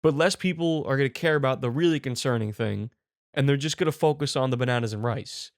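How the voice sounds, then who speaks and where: A man's voice: mid-range voice, fast, no echo, studio quality. A man hosting a comedy show with brash, profane, mock-exasperated news riffs.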